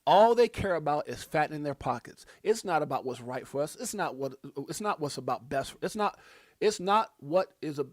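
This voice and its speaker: A man hosting a casual livestream, hyped and preachy, shouting out viewers by name. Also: on the high side, lively intonation, moderate pace, no room sound. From United States. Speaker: livestream host.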